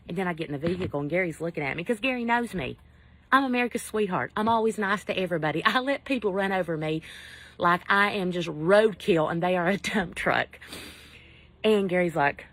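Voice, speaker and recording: A middle-aged woman telling a comic story as a rant, animated, swinging from hushed asides to loud outbursts. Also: lowish voice, fairly quick, poor audio. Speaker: vlogger.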